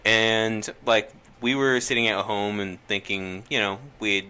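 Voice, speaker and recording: Low-voiced young man, hesitant storyteller. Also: steady tone, unhurried, bright, forceful tone, smooth. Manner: hesitant, many fillers and restarts before a story. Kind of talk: casual storytelling chat.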